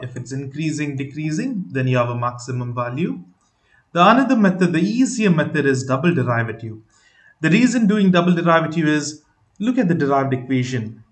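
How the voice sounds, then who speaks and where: Man, math tutor, patient step-by-step explaining, rhetorical questions, slightly high voice, roomy echo. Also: a bit bright. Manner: patient, rhetorical questions, many "you know" fillers. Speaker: math teacher.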